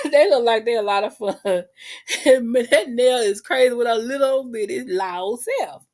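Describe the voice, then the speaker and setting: A woman's voice: fairly high pitch, animated, unhurried, darkish tone. A woman, casually recapping a reality show for her viewers in a chatty, sassy way.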